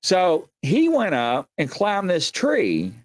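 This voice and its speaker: A man hosting a live show, telling a strange tale in a casual, animated way with lots of fillers and acted-out voices. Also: high-pitched, slow, heavy background noise. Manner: animated storyteller, acts out quoted voices, many fillers. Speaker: show host. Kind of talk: casual live-stream storytelling.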